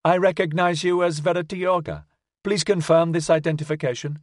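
A man voicing a proud male snake robot with a rapid, piping voice. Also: a little high, no echo, studio quality, voice pushed up, close to an everyday voice. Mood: precise.

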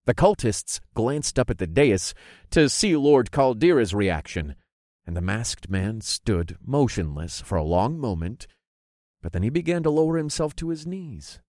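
A man with a medium-pitched voice reads a first-person fantasy story aloud as an audiobook narrator at a moderate pace. He tells it expressively and voices the characters' lines, in studio-quality sound with no echo.

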